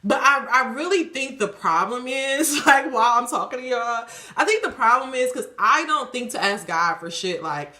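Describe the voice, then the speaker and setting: A woman giving a casual spiritual reading, animated and profane, laughing often. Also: on the high side, normal speed. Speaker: tarot reader. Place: a room at home. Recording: echoey room.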